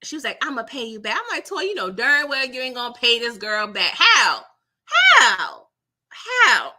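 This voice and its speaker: A woman hosting a casual TV recap livestream, with a bright, sharp tone. Her pitch swings widely as she slips into quick impressions of the characters. She talks in an animated, dramatic way, full of slang and exclamations. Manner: mimics characters' lines in quick voices. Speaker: recap channel host.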